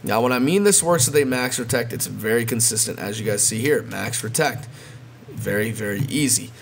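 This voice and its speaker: A man's voice: medium pitch, animated, normal speed, vocal fry, slight background noise. A man casually walking viewers through a video game strategy, often repeating himself and calling them guys. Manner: repetitive, addresses viewers as guys. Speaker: gaming video creator. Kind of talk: casual gameplay tutorial.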